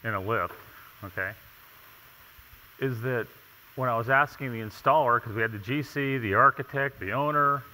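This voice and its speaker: A man's voice: medium pitch, normal speed, pauses often, bright, forceful tone. Emphatic man lecturing in a reverberant hall. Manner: emphatic, rhetorical questions, frequent "okay?". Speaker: tile installation inspector presenting. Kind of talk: conference presentation. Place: large conference hall.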